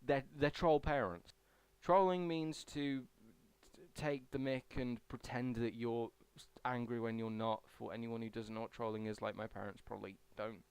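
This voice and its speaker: A man's voice: medium pitch, fairly even intonation, moderate pace, darkish tone, clear, resonant tone, no echo. A young man vlogging casually as he answers a survey, chatty and rambling with self-deprecating asides. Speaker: YouTuber.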